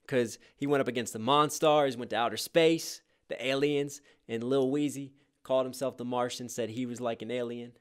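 A man's voice: medium pitch, steady tone, normal speed, hardly any pauses, clear, resonant tone. Man hyping and unpacking rap lyrics. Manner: explains lines one by one, bursts of hype. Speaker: rapper reacting to a song. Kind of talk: casual reaction and lyric breakdown. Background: hip hop track playing faintly.

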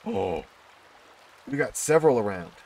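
A man talking through his gameplay in a casual, chatty way, his pitch swinging up and down as he goes. He gets excitable quickly. A faint hiss of noise sits under the recording. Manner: excitable, bursts into high squeals of delight. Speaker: gaming YouTuber.

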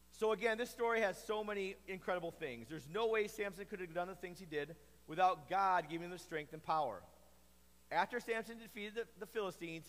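A man teaching a children's Bible lesson at church, playful and animated, quizzing the kids. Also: high-pitched. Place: church kids' room. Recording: echoey hall reverb.

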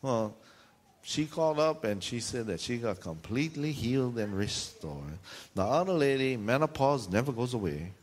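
A male preacher tells a comic story during a sermon. His pitch swings widely as he jumps into high squealing voices for the people in his tale. His speaking voice sits at an ordinary middle pitch. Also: big pitch swings, moderate pace, a little hiss or hum.

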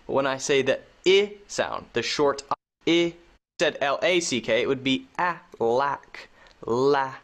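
A man leads a pronunciation lesson over a video call, speaking slowly and with care. He explains each vowel step by step and repeats the sounds so they can be copied. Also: medium pitch, a bit bright. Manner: slow, patient explanation with modeled sounds. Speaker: English teacher.

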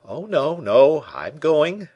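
A man's voice: on the low side, huge pitch swings, moderate pace, fairly bright tone, breathy edge, dry recording, lo-fi sound, heavily acted. A man voicing a curious, jovial male musketeer in a storybook reading, teasing and probing his friend. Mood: eager.

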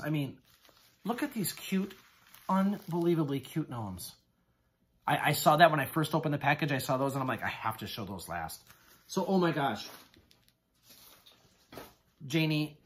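Talk like a guy showing off a haul, overwhelmed and grateful, halting and starting over, everyday middle voice. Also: a little high, fairly bright tone. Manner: effusive, gushing thanks with halting restarts. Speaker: haul vlogger. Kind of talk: casual haul video chat.

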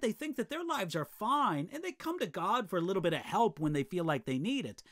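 A man preaching a short devotional in a fairly high voice that swings up and down through each phrase. He is earnest and emphatic. He draws out the words that matter most. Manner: earnest, emphatic, slows down to stress key phrases. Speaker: pastor. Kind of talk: devotional teaching.

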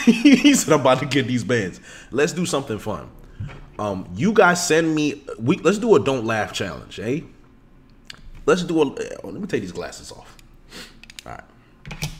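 A man streaming live, chatting casually with his viewers in an excitable, slangy way. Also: medium pitch, a little hiss or hum.

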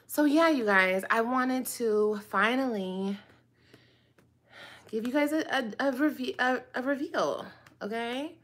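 Woman ranting to her viewers, drags out every word, bright kinda sharp voice, super dramatic. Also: on the high side. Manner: dramatic, drawn-out, talks straight to the viewers. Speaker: online video host. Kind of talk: casual monologue to camera.

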